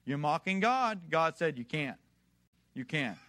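A man preaching a sermon to a congregation, emphatic and fond of rhetorical questions, building from quiet storytelling to loud exhortation. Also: on the high side, sing-song, unhurried.

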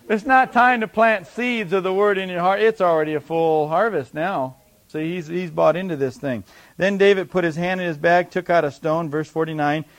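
A man's voice: high-pitched, no room sound. A man preaching a sermon, reading scripture aloud and speaking with rising intensity.

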